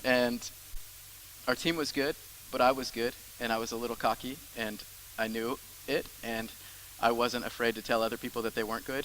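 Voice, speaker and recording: A young male pastor preaching with a bright, forceful voice that sits a little high. He drives his points home with repeated phrases, then drops suddenly quiet for asides. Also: low-quality recording. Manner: emphatic, with soft drops into grumbling asides. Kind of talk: sermon.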